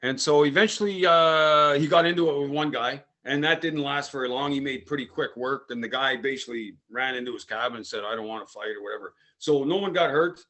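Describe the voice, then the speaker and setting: A man's voice: medium pitch, brisk, hardly any pauses, bright, forceful tone. A French Canadian man from Canada telling a casual, rambling story, full of "eh" and "man" tags. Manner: rambling, frequent "eh" and "man" fillers. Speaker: podcast host.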